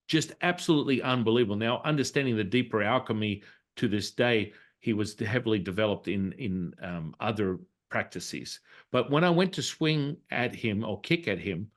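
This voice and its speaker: A man, a Taoist priest and healer, telling a reflective personal story in a casual interview and acting out the dialogue in it. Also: lowish voice. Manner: reflective, acts out quoted dialogue in his story; frequent restarts and fillers.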